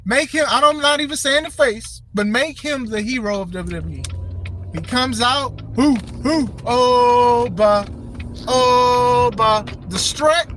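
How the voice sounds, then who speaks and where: A man with a very high voice talks wrestling in a casual, animated way, leaning hard on his points and repeating phrases for emphasis. Clear steady noise sits behind him throughout the recording. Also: moderate pace, low-quality recording. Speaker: podcast host.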